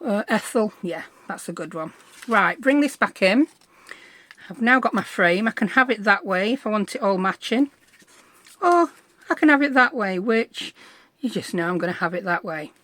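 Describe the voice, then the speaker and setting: A woman's voice: mid-range voice, expressive, normal speed, fairly bright tone, no echo. A middle-aged woman, chatting through a crafting tutorial in a bubbly, self-deprecating way. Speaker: craft vlogger.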